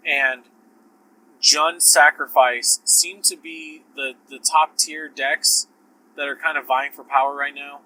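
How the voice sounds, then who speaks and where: Bright-voiced man rambling about card games. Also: fairly high pitch, rough recording. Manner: rambling, profane, self-interrupting. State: sore throat. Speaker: podcast host. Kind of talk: casual solo podcast talk.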